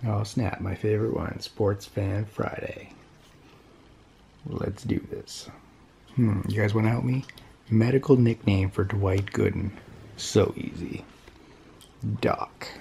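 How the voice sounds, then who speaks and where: A man vlogs to camera in an easygoing, chatty way. His voice sits low with a gravelly edge. Faint background noise hums along under the handheld recording. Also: fairly even intonation, normal speed. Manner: chatty and upbeat, drops to a hushed whisper at night. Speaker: vlogger. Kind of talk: casual vlog talk to camera.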